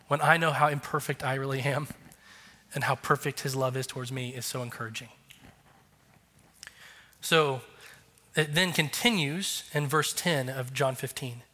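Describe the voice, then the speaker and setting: A man's voice: fairly high pitch, steady tone, moderate pace, pauses often, pushed and bright, long reverb tail. A man in his thirties, a pastor giving an earnest, conversational sermon with emphatic turns.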